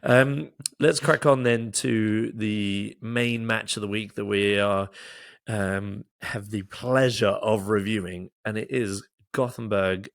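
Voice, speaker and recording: A man's voice: fairly low pitch, fairly even intonation, slow, vocal fry, hardly any pauses, no echo, studio quality. A man hosting a casual football podcast, joking around and swearing freely. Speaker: podcast host.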